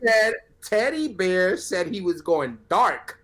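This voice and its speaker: A man on a casual panel chat, excitable and breaking into laughs. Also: sits high, takes it slowly.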